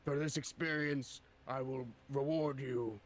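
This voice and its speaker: A man's voice: medium pitch, steady tone, measured pace, close to an everyday voice. A man voicing a grand, lordly male champion during a tabletop game, speaking in solemn declarations. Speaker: player. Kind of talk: tabletop role-play in character.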